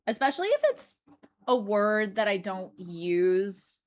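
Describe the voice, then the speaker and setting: Slow-talking American woman streamer. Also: medium pitch, lively intonation, darkish tone. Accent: American with slight British influence. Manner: chatty, rambling, thanks viewers. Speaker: Twitch streamer. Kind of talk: casual live-stream chat.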